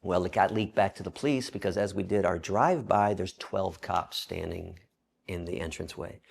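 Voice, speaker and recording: Gravelly man telling a lively story. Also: low-pitched, moderate pace. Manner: animated storyteller, acts out quoted voices. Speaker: interview guest. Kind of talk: storytelling in an interview.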